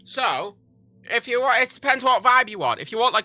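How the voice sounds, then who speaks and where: Sharp-voiced, profane streamer rambling animatedly. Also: male voice, sits high, lively intonation, fast, no room sound. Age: 30s. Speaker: livestreamer. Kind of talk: casual livestream chat while gaming.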